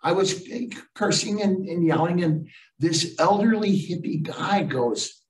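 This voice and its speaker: A man's voice: high-pitched, unhurried. Older man telling jokey stories. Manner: animated and jokey, with punchy one-liners. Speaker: keynote speaker. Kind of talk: comic storytelling talk. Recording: echoey room, voice far from the mic.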